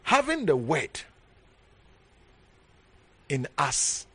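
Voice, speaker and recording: A man preaching a sermon as bishop, emphatic, repeating key phrases and swinging from low murmurs to raised exhortation. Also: wildly swooping pitch, extremely slow, a bit bright, husky.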